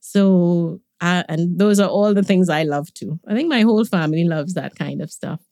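A woman, a podcast guest, tells stories about her family in a relaxed way and laughs often. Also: on the low side, moderate pace, no echo, clean studio sound. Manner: warm reminiscing, laughs often. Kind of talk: conversational storytelling.

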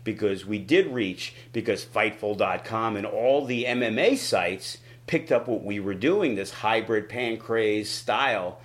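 A man in a casual interview telling the story of a big wrestling show. He talks in an animated way and leaps up in pitch when he quotes people. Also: measured pace, few pauses. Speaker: wrestling promoter.

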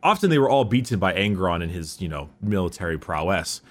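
A man's voice: deep voice, lively intonation, brisk. A man casually telling a long story, rambling with fillers and restarts.

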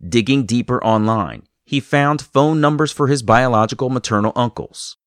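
A man hosting the show and reading scripted narration in a smooth, even delivery. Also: mid-range voice, moderate pace, no room sound, studio quality. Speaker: host and narrator.

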